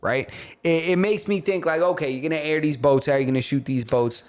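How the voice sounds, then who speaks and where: A man's voice: a little high, brisk, a little hiss or hum. A young man co-hosting a casual podcast who tells stories animatedly and calls everyone bro. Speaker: podcast co-host. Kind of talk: casual chat.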